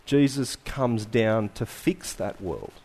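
A man preaching a sermon, asking rhetorical questions and letting his phrases fall to quiet endings. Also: fairly low pitch, takes it slowly.

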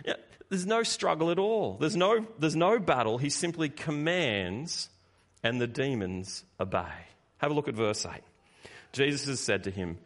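His fairly low voice moves at a normal speed as he preaches. The delivery is lively and conversational, shifting from booming emphasis to hushed asides.

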